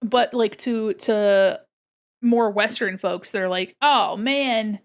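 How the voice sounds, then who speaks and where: An American woman streaming, chatting casually with viewers while drawing, self-deprecating and quick to laugh. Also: mid-range voice, fairly even intonation, clear, resonant tone. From United States.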